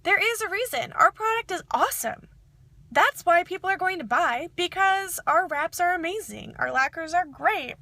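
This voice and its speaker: A woman's voice: very high-pitched, expressive, moderate pace, pushed and bright, dry recording. A woman who works as a direct sales consultant, giving casual advice in an upbeat, chatty way with many fillers.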